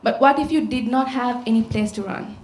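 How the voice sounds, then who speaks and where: A woman's voice: a little high, fairly quick, darkish tone. A woman giving a public talk, telling a story and asking the audience rhetorical questions. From Sri Lanka. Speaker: conference speaker. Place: large auditorium. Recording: echoey auditorium sound.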